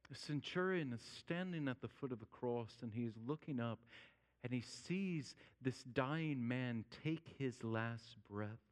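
A male pastor preaching a sermon, swinging from loud urgency down to a hushed near-whisper. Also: mid-range voice, measured pace. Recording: long hall reverb.

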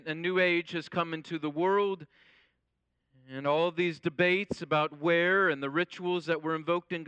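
A man preaching a sermon as pastor, in a measured way and quoting scripture. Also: on the high side, bright, forceful tone, clear, resonant tone, no room sound, lo-fi sound.

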